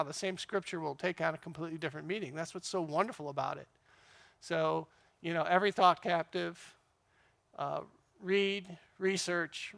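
A man's voice: on the high side, creaky, a bit bright. A man giving an informal, rambling church talk to a men's group. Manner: conversational, rambling with fillers.

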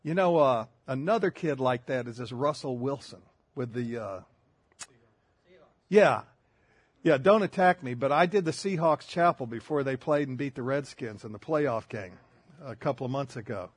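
A man's voice: mid-range voice, moderate pace, slightly rough, no room sound. An older man preaching a sermon, telling folksy stories with self-deprecating humor. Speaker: pastor.

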